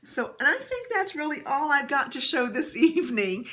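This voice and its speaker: A woman vlogging casually, chatting gently with many fillers and soft laughs as she shows items and tells a story. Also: high-pitched, very animated, moderate pace. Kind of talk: casual haul and story vlog.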